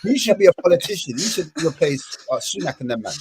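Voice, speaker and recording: A man talks football in slangy, incredulous banter. His voice sits a bit high and moves around a lot. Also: sing-song, fast talker, over a noisy crowd. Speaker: panel co-host. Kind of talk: casual football debate.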